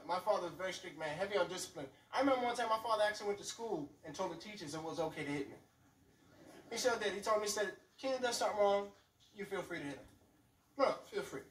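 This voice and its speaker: A man performing a stand-up comedy set on a club stage, telling stories animatedly and slipping into voices. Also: high voice. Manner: animated, storytelling, lots of voices. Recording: roomy club sound from far off, faint room noise.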